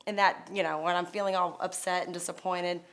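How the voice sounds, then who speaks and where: Animated woman telling a story with gusto. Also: on the low side, fairly quick. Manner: animated, laughing, acts out quotes. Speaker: co-host of a marriage course. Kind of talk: casual storytelling chat.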